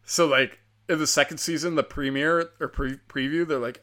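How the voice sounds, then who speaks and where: A man's voice: on the high side, normal speed, few pauses, bright, forceful tone. A young man hosting a solo podcast, rambling casually with lots of fillers and swearing. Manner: casual, profane, many filler likes. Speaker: podcast host.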